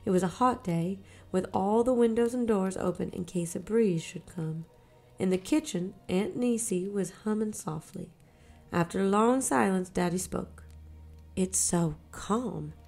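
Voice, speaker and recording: A woman narrating a short story aloud in a measured, quiet manner, lightly acting the dialogue. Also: mid-range voice, gravelly, faint music behind. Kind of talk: storybook reading.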